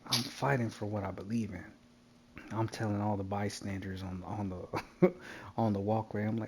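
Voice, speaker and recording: A man telling a wild story in casual chat while gaming, animated and profane, laughing often. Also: lowish voice, moderate pace, background noise.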